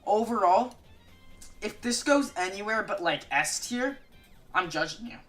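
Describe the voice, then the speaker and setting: A woman giving casual gaming commentary, excitable, jokey and swearing a lot. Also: medium pitch, measured pace, faint music behind. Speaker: gaming video creator.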